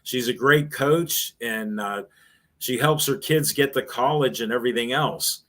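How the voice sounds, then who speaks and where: A man's voice: medium pitch, measured pace, fairly bright tone. Rambling older man telling stories. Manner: rambling anecdotes, acts out quoted voices. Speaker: guest, former sports radio host. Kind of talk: storytelling in a casual interview.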